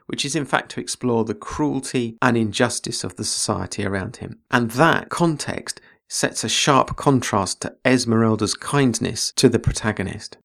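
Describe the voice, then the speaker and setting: A man hosting a writing podcast, explaining character craft in a measured, explanatory way. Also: mid-range voice, creaky. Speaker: podcast host and writing teacher. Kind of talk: instructional podcast.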